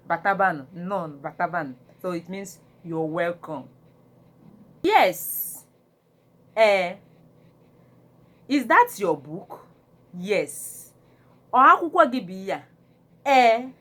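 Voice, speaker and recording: A woman teaching phrases, repeating each one in English and Igbo, animated when acting them out. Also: on the low side. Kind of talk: slow phrase-by-phrase language lesson.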